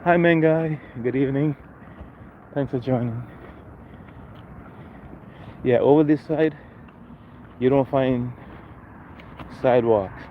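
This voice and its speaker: A man's voice: mid-range voice, slow, pauses often, phone-quality sound, a little hiss or hum. A man hosting a casual live walking vlog on a residential street, chatting with viewers and greeting them by name. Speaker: livestream host.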